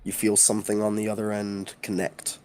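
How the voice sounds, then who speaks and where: A man narrating as game master, describing scenes in a halting way with many fillers. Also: lowish voice, monotone, a little mellow, slight background noise.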